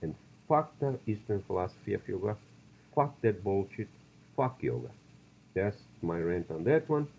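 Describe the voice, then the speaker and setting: A man's voice: on the low side, big pitch swings, moderate pace, creaky, a little mellow, highs cut off, slight background noise. A man hosting a solo podcast, talking bluntly and profanely in a loose, ranting way. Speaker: podcast host.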